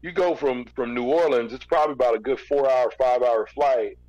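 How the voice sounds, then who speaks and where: A man in an interview, casually telling a long story with relaxed restarts. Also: medium pitch, brisk, dry recording, lo-fi sound. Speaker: interview guest, former record label executive.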